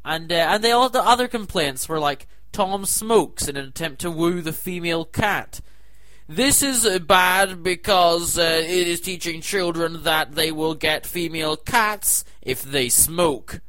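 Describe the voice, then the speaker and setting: A man hosting a comedy segment, ranting in disbelief with sudden loud outbursts. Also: a little high, a little slow, no room sound. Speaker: comedy show host. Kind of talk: comic rant to camera.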